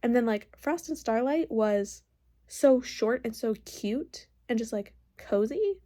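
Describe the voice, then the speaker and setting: With a slightly high, warm, animated voice, a young woman speaks slowly in a casual book vlog. She's crying happy tears, gushing emotionally and filling her sentences with "like."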